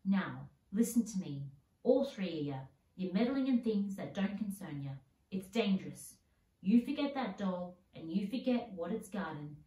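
A woman reading the part of a gruff, big-hearted giant man who is secretive and quick to anger, recorded in a roomy space from a distance. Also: mid-range voice, very animated, dark tone, lightly acted. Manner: gruff, hot-tempered outbursts. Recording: roomy sound, mic at a distance.

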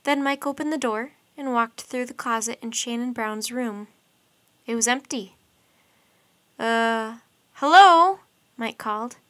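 A woman reading a children's bedtime storybook aloud in a lively, expressive way. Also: on the high side, moderate pace, dry recording.

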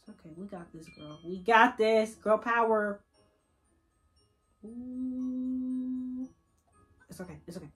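A young woman with a voice on the high side speaks at a measured pace with long pauses. She's a gaming YouTuber doing casual let's-play commentary at her computer, talking to viewers and coaxing and teasing the characters, with faint game music in the background.

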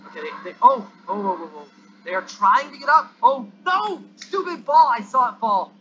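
A male gamer giving excitable commentary as he plays, yelping and groaning at the game. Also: sits high, brisk. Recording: dull lo-fi recording with faint hiss.

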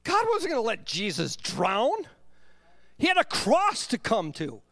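A man preaching a sermon in church, swinging between loud emphatic lines and hushed low asides. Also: huge pitch swings, a little slow, gravelly, dry recording. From Southern US. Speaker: pastor.

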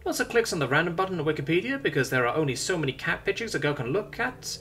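A man's voice: fairly high pitch, very animated, fast talker, fairly bright tone, voice pushed up. A man voicing a blunt, stubborn young woman. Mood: insistent. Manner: blunt, stubborn, matter-of-fact. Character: brisk, unflappable young woman governor.

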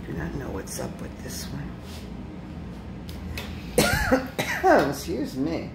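A woman's voice: deep voice, wildly swooping pitch, extremely slow, gravelly. A woman giving a casual running commentary as she works a model train layout indoors, exasperated and muttering to herself. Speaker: model railroad hobbyist. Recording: echoey room with background noise.

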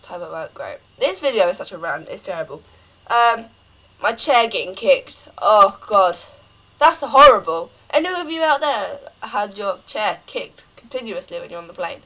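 A British vlogger with a cold rants through a rambling, chatty video stuffed with fillers. Her mid-range voice is animated, pushed and bright, at a moderate pace, and the recording quality is low.

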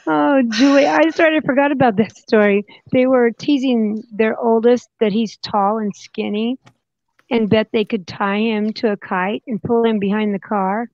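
A woman with a high, gravelly voice tells family stories and laughs along in casual chat. Her audio comes through dull and lo-fi, dry and with no room sound. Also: steady tone, normal speed, darkish tone, dry recording. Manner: laughing storyteller.

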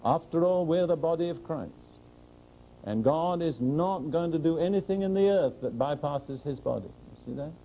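Dark-voiced preacher delivering an earnest sermon. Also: male voice, a little high, lively intonation, a little hiss or hum, poor audio. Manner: earnest, direct, rhetorical questions to the congregation; slows and rises to proclaim scripture.

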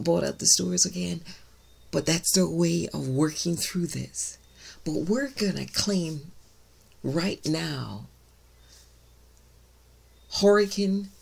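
Woman pastor, emphatic sermon delivery, gravelly husky voice. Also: low voice. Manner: emphatic, says she is loud, shouts key words. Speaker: minister.

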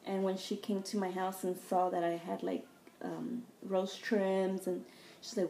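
Slow-talking woman in an echoey room. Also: mid-range voice, level tone, gravelly, dark tone. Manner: gushing, easily delighted, gasps. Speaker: craft vlogger. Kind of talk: casual unboxing chat. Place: home room. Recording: echoey room, faint background noise.

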